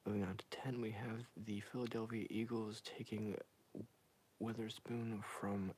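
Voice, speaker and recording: A man doing a whispered role-play as an ASMR streamer, speaking softly and close to the mic. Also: on the low side, flat delivery, moderate pace, breathy edge.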